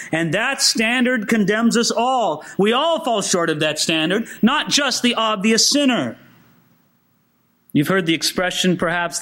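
A man preaching an expository sermon, acting out quoted voices with big swings in pitch. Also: a bit bright.

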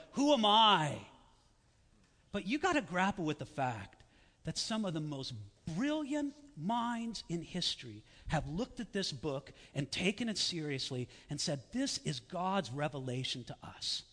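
A man preaches a sermon with animated, sarcastic jabs and mocking asides. His voice sits high and sounds bright and forceful. The sound carries the long reverb of a large hall. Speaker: pastor.

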